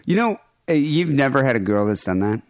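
A man's voice: mid-range voice, sing-song, a little fast, no room sound. A man hosting a comedy podcast, trading loose, crude banter and laughing often. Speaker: podcast host. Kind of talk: casual comedy podcast chat.

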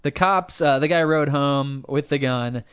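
A man with a smooth, resonant voice of ordinary pitch co-hosts a podcast. He reads out a news article in a casual way, stopping for jokey side comments. The audio is a bit dull and muffled. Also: a little slow, a bit bright. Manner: reads an article aloud with joking asides. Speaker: podcast co-host. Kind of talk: casual chat, retelling a news story.

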